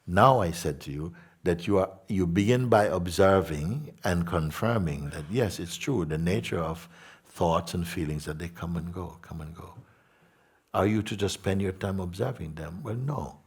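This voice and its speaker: A man giving a spiritual satsang talk to an audience, gentle and unhurried, repeating simple phrases and asking his listeners questions. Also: deep voice, breathy edge. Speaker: spiritual teacher.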